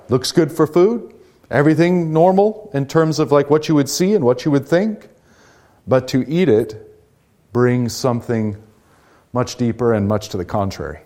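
A man's voice: mid-range voice, mellow. Man teaching a conversational Bible class. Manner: conversational, rhetorical questions. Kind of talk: Bible study lecture.

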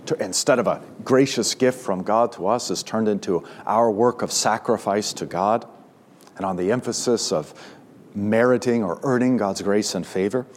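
A man's voice: on the low side, moderate pace. Emphatic male pastor preaching a sermon. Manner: emphatic, rising sharply on key words.

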